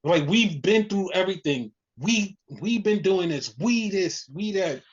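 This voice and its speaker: A podcast host retelling a wrestling show in casual chat, animated and full of fillers. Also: mid-range voice, unhurried. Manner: animated storytelling, heavy use of "like". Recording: muffled lo-fi audio.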